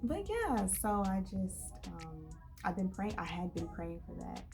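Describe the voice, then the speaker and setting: Encouraging woman with gravelly voice. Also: mid-range voice, unhurried, soft background music. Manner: encouraging, animated, quotes imagined speech. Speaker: podcast co-host. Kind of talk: casual faith conversation.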